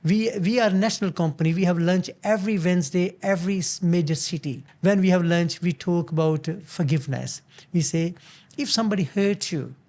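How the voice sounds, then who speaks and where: An older man hosting his own show, giving earnest, motivational business advice in a halting way, often restarting and repeating words. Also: high-pitched, a little mellow. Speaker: business founder and show host.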